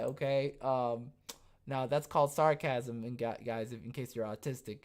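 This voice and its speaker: A podcast host riffing sarcastically on the news during a live show, animated and quick to laugh. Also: medium pitch. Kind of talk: live news commentary chat.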